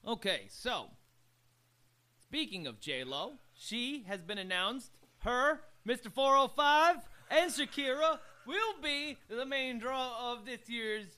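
A young man with a high, bright voice talks sports on a casual co-hosted show. He rambles, stumbles over repeated words and laughs easily between points. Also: expressive, slow pace. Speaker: radio show co-host.

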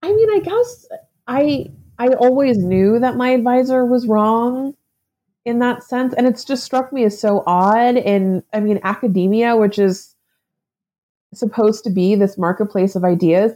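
A woman at a middle pitch talks through her ideas as an interview guest. She is chatty and reflective, dropping in likes and ums and laughing often. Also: dark tone. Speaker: author and guest. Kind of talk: interview answer.

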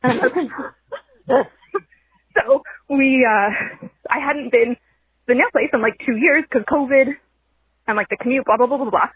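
A woman leaving a voicemail, telling a story in a loud, chatty way and laughing as she goes. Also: high-pitched, unhurried, pauses often, slightly rough, no echo. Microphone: phone. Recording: tinny phone voicemail.

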